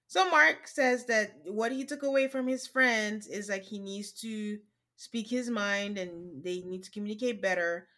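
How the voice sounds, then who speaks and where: A woman co-hosting a casual podcast chat, her voice sitting a little high. She retells scenes by quoting the people in them, often in a flat, drawn-out way. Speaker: podcast co-host.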